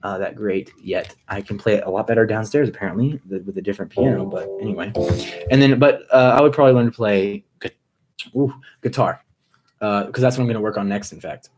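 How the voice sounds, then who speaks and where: A musician hosting a casual live stream, chatting in an upbeat, rambling way with quick asides. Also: male voice, on the low side, darkish tone, soft background music.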